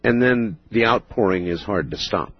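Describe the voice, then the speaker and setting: A man hosting a late-night call-in radio show, speaking in a measured way as he takes calls. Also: lowish voice, lively intonation, husky, no room sound. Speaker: radio talk show host. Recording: muffled radio broadcast.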